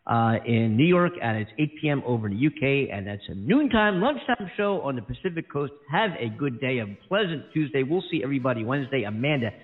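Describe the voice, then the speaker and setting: A man from California co-hosting a casual talk show, rambling and excitable. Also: medium pitch, fast, hardly any pauses. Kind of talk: casual chat. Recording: tinny phone-like line.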